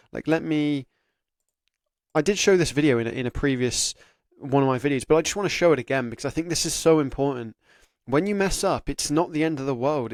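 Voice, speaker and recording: A young man chats through interview advice in a relaxed, rambling way, laughing often and acting out his own inner voice. His voice sits a little high. The sound is close and dry, with no room echo. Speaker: careers YouTuber. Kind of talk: casual advice talk to camera.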